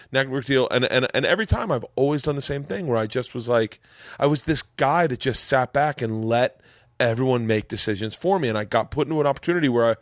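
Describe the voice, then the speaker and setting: A man's voice: medium pitch, no echo, clean studio sound. A man hosting a podcast, telling a story in a rambling way, repeating words and getting emotional. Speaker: podcast host. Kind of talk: casual chat. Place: home podcast studio.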